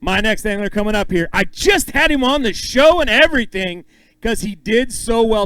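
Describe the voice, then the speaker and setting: A man emceeing a bass-fishing weigh-in on an outdoor stage, upbeat and joking with the anglers as he calls out names and weights. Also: animated, moderate pace, fairly bright tone, clean tone, no echo, low-quality recording. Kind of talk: live emcee announcing with banter.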